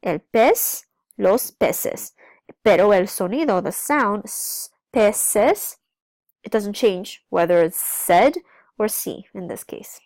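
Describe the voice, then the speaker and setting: Woman teacher, patient step-by-step explainer, mid-pitched voice, dry close recording. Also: expressive, takes it slowly, darkish tone, no echo. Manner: explains step by step, checks in with "okay?"; switches between English and Spanish. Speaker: Spanish teacher. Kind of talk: recorded classroom lesson.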